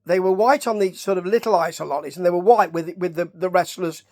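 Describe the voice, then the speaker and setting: A man's voice: sits high, a little fast, darkish tone. A man with a Nottingham English accent reviews old wrestling in a loose, chatty ramble. He wanders into asides and keeps tossing questions at the listener as he goes. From Nottingham, England. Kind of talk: casual rambling review commentary.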